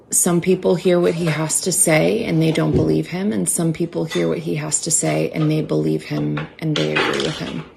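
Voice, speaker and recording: Slow, gravelly mother speaking gently. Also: fairly low pitch, slight background noise, rough recording. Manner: careful, reassuring, hesitant. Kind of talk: gentle talk to her child.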